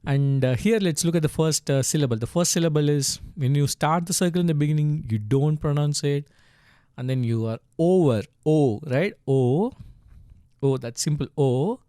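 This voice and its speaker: A man teaching how to read and type letters in a casual screen tutorial. He speaks haltingly, with many fillers and restarts, and chuckles now and then. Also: a little high, warm tone, dry recording, studio quality. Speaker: language tutor.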